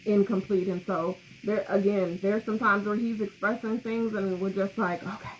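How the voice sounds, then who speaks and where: A woman's voice: mid-range voice, steady tone, normal speed. A woman co-hosting a podcast on grief, talking candidly and emotionally, with frequent laughter. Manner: candid, emotional, laughs often, reads comments aloud. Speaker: podcast co-host. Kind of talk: casual podcast talk about grief. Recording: slightly muffled with faint background noise.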